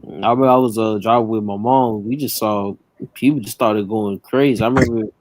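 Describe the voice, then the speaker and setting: A man with a fairly low voice, a guest on a casual live-stream chat. He stumbles and repeats himself as he tells a story, chuckling along the way. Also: fairly even intonation, a little mellow, no room sound, poor audio. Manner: halting, repeats himself, chuckles while telling stories.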